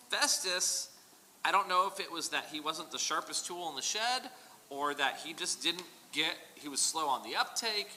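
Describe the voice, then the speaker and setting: A man teaching a casual Bible study in a church hall, animated and digressive with joking asides. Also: on the high side. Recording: reverberant hall, faint noise.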